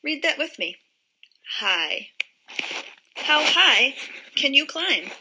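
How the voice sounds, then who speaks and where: A woman teaching a phonics lesson to young children. She talks very slowly and draws out each word sound, and her voice is very bright and a bit high. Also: sing-song, poor audio. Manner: slow, drawn-out modelling of word sounds.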